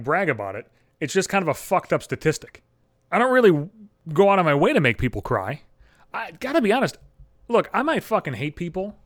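A young adult man telling stories in a blunt, profane, animated podcast rant. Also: fairly high pitch, no echo, studio quality. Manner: blunt, heavy swearing, animated. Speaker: podcast host.

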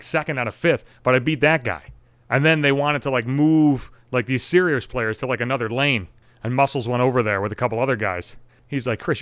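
A man hosting his own podcast, telling a story in a casual, profane, sarcastic way with animated retelling. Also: medium pitch, no room sound. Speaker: podcast host.

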